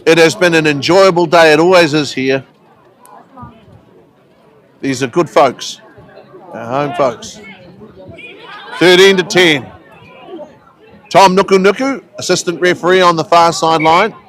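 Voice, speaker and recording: A New man calls a local rugby match from the ground, his voice pitched high and his delivery easygoing and conversational. He mixes play-by-play with friendly local asides. A faint crowd murmurs behind him outdoors. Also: measured pace, pauses often, a bit bright, poor audio. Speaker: rugby commentator. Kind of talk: live sports commentary.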